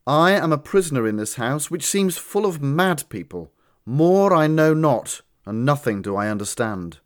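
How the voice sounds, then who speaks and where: A man's voice: fairly high pitch, sing-song, normal speed. A man playing a gloomy, bewildered young captive. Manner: gloomy, puzzled. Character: young gentleman held prisoner, gloomy and bewildered. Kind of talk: dramatic audiobook reading.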